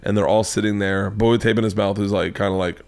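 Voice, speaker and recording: Animated, swearing American storyteller man. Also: on the low side, quick pace, vocal fry, smooth. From United States. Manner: animated storyteller, swears freely, puts on voices. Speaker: podcast host. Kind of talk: casual chat, storytelling.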